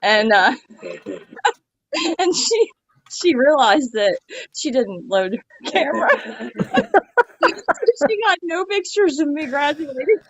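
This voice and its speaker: A woman's voice: sits high, takes it slowly, long pauses. A woman in her forties telling self-mocking stories in a casual chat among co-hosts. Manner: lively, self-mocking storyteller. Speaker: stream co-host. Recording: dull lo-fi mic.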